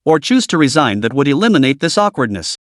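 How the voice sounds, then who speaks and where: A man's voice: medium pitch, sing-song, fast, dry recording, studio quality, close to an everyday voice. A man voicing a cold, stern young woman executive with a curt, commanding manner, read in a recap.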